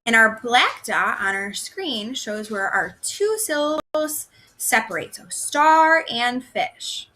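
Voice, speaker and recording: A woman teaching a recorded first grade phonics lesson, slowly sounding out words for young children. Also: a little high, sing-song, bright, forceful tone.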